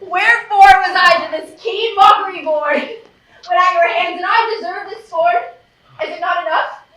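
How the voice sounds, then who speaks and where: A lovesick young woman, played by an actress on stage, pleading and protesting in impassioned verse. Her voice is very high and bright. It echoes through a theater, heard from far off. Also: normal speed. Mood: wounded. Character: lovesick young woman, desperate and self-pitying. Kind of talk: live stage acting.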